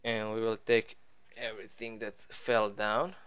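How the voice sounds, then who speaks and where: Male gaming host, unhurried and clear, chatty and playful, pokes fun at himself while he builds. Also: on the low side, little pitch movement, fairly bright tone. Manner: rambling, playful, self-mocking. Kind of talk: casual let's-play commentary.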